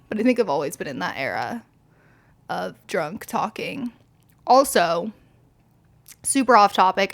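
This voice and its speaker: A young woman hosting her own podcast, chatting casually and rambling from one story to the next. She laughs often and tells everything in a loose, chatty way. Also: mid-range voice. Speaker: podcast host. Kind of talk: casual chat.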